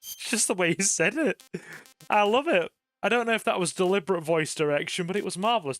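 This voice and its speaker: A man chatting casually to viewers while streaming a game, rambling warmly and bursting into excited cheers. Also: high-pitched, quick pace, no room sound. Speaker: gaming streamer. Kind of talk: casual live-stream chat over gameplay.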